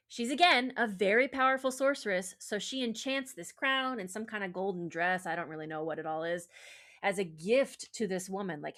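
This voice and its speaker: A woman's voice: medium pitch, moderate pace, a bit bright. A woman podcast host retelling a myth in casual chat, with lots of fillers and profanity. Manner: chatty, profane, filler-heavy.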